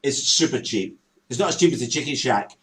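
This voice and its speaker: A man co-hosting a casual chat show, jokey and loud, often laughing. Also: mid-range voice, expressive, a little fast, a loud crowd. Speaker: co-host.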